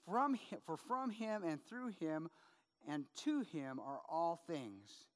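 A middle-aged man preaches a sermon in a high, light voice, slowly and expressively. He addresses the congregation casually with tag questions, blending scripture and humorous anecdotes, while a long reverb rings out as though in a large hall.

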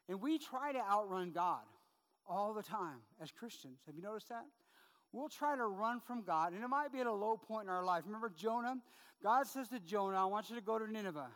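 Male pastor, high voice, chatty sermon with many asides, hall reverb. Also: lively intonation, normal speed, a bit bright. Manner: conversational, many fillers and rhetorical asides.

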